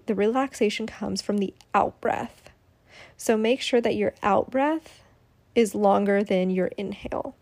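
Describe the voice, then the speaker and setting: A woman's voice: medium pitch, gravelly, mellow. A woman giving casual, chatty step-by-step advice on how to meditate, with many fillers. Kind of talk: casual instructional talk.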